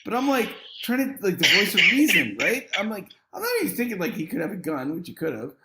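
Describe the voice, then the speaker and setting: A man's voice: high-pitched, sing-song, fast talker, echoey room, very noisy. A man telling a long story as a podcast guest, acting out the quoted lines and laughing often. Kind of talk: casual storytelling.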